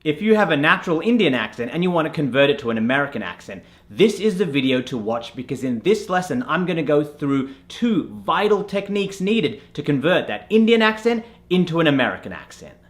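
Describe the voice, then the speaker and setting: Male accent coach, animated delivery, clear and instructive, breaks sounds down letter by letter. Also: on the high side, a little fast, few pauses. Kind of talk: instructional lesson.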